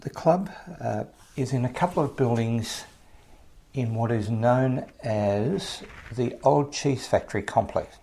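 An Australian man hosts a show, chatting casually with listeners and interviewing a guest in a relaxed way that speaks straight to his audience. His medium-pitched voice is creaky and unhurried.

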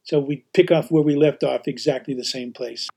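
A man hosting a podcast and teaching, telling anecdotes in casual chat, animated and often laughing. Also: mid-range voice, moderate pace, gravelly, slightly rough. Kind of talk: casual storytelling.

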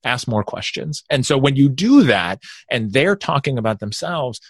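Energetic man explaining sales tactics. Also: medium pitch, no room sound. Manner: energetic, explains with quick asides and acted-out quotes. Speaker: sales consultant guest. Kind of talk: podcast interview.

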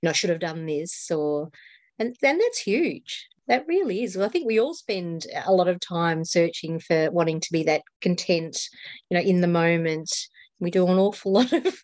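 A woman in her fifties talks as an interview guest, earnest and open, with frequent laughs and repeated words. Her voice sits fairly low. The sound is dry and close to the mic. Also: expressive, normal speed, darkish tone, no echo. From Australia. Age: 50s. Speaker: guest author. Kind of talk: casual interview talk.

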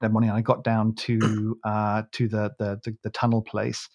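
Gravelly man rambling through a chat. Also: lowish voice, completely flat delivery, moderate pace, darkish tone. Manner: rambling, self-correcting, chuckling. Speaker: podcast co-host. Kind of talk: casual chat.

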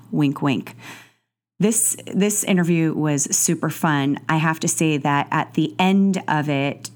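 A woman hosting a podcast, talking in a chatty, gushing way with lots of fillers. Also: sits low. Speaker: podcast host. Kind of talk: casual podcast intro monologue.

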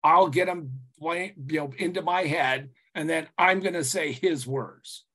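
A man telling stories as a consultant guest on a podcast interview, rambling and animated, full of "you know" and restarts, swearing casually. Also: fairly high pitch, a little slow.

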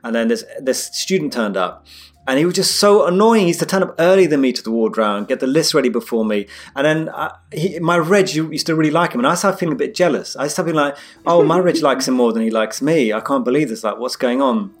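A man's voice: on the high side, a little fast. A man, a doctor, telling a work anecdote in casual chat and acting out the voices of the people in it. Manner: animated, acts out quoted voices. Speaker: doctor, podcast co-host.

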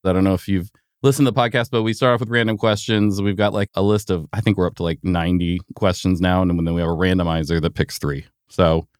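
A man's voice: low voice, fairly even intonation, fast talker, smooth, no echo. A man hosting a podcast in casual banter, joking and self-mocking into a close mic. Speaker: podcast host.

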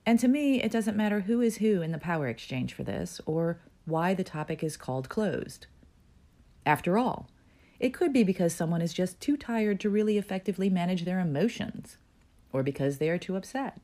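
A woman reading aloud a piece she wrote, in a frank, wry and expressive way. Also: on the low side, moderate pace. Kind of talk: reading her own written piece aloud.

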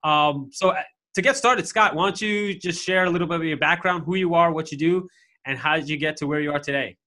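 A man's voice: a little high, brisk, pushed and bright. A man hosting a podcast, chatty and upbeat, with frequent fillers and restarts. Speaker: podcast host. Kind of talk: casual podcast interview.

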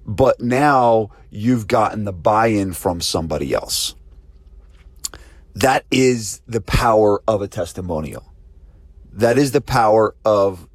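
A man with a very low voice hosts a podcast for gym owners. He talks casually, posing rhetorical questions as he tells a story. The sound is dry and close, with no room echo. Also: animated, slow. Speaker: podcast host and gym business coach. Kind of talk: casual spoken promo and talk.

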